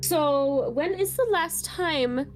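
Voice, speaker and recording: A woman's voice: high voice, slow, a little hiss or hum. A nervous, giggly woman playing a tabletop game. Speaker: player.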